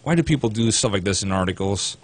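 A man's voice: on the low side, lively intonation, quick pace, no room sound. A man co-hosting a casual talk show, reading news articles aloud with sarcastic asides. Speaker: co-host.

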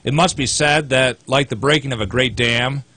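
A man's voice: mid-range voice, normal speed, sharp tone, dry recording. A man co-hosting a casual talk show, reading news articles aloud with sarcastic asides. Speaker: co-host.

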